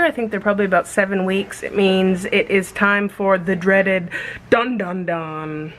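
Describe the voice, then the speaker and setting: A young American woman vlogging casually about rescue puppies, chatty, sometimes breaking into high baby talk for the dogs. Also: normal speed, fairly bright tone, slight background noise. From United States. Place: animal shelter, outdoors.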